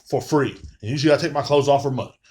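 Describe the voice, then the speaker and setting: A man's voice: medium pitch, fast, a little mellow. Rambling, profane man. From Texas. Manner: profane, rambling, lots of fillers. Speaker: podcast host. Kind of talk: casual ranting monologue.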